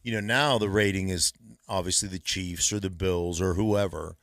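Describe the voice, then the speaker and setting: A man with a very low voice tells stories as a guest in a studio chat, lively and casual. The sound is dry and close, with no room echo. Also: normal speed. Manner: storytelling, animated. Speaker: guest, former player and radio host. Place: radio studio. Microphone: studio mic.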